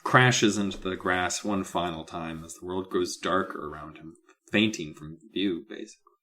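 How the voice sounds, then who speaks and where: A man co-hosting a comedy podcast, recapping a children's book and acting out its characters in squeaky voices while swearing casually. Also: normal speed, sharp tone. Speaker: podcast co-host.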